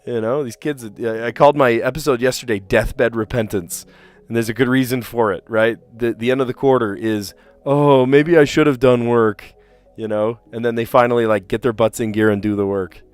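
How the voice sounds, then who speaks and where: A man who teaches school, chatting casually on a live stream, his voice sore and hoarse, ranting with lots of fillers and restarts. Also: mid-range voice, fairly even intonation, fairly quick, soft background music.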